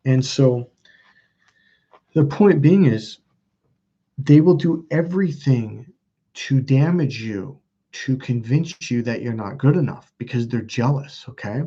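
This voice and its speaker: Man, fifties, self-help coach, husky, dark tone, rambling emphatic talk, dull lo-fi recording. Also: medium pitch, animated, slow pace, long pauses. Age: 50s. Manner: rambling and emphatic, frequent restarts. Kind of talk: casual off-the-cuff monologue to camera.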